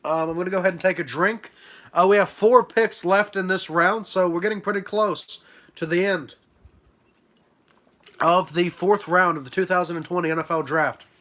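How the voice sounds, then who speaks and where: A man's voice: high voice, moderate pace, a bit bright. A young man with a stuffy nose from allergies, chatting casually on a live stream as he reacts to draft picks and hands out grades, with lots of ums and uhs. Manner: chatty, many fillers, hands out letter grades. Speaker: livestream host reacting to a sports draft.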